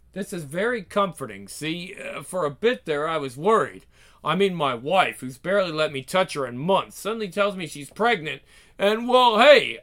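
Give me a betrayed husband with loud, mocking sarcasm and a lively voice that swings up and down, as a man acts it out. He is bitter under the jokes. It is one of several parts in a one-man script reading. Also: high-pitched.

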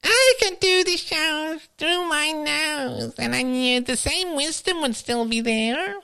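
A man doing a squeaky nasal nerd. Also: takes it slowly, gravelly, pushed and bright, heavily acted. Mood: mocking.

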